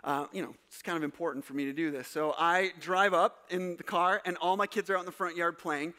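A man from Wisconsin, a pastor preaching a casual sermon to a live congregation, joking and telling stories in an animated way. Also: fairly high pitch, brisk. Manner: jokey, animated, teasing the congregation. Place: church service before a live congregation.

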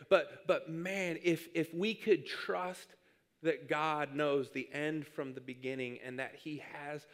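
A man's voice: on the high side, steady tone, a little slow. A man in his thirties preaching a sermon, telling a funny story and acting out his own whiny prayers. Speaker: pastor.

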